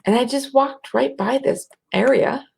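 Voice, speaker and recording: A middle-aged American woman with a slight rural twang, speaking softly and reflectively as a spiritual speaker, sometimes dropping into a whisper to guide breathing. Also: high voice, gravelly, breathy edge. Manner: slow, soft, drops to a whisper at times.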